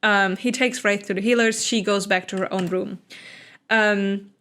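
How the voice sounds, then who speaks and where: Chatty woman recapping a book plot. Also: mid-range voice. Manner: animated, acts out characters' lines in quick asides, laughs often. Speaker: podcast co-host. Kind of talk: casual chat recapping a book.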